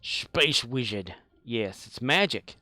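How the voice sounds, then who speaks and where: A man's voice: mid-range voice, animated, takes it slowly, pushed and bright, dry recording. Guy streaming a space game, chatty, laughs a lot, voice bounces up and down. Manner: chatty, laughs often, reads chat aloud. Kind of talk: casual live-stream chat.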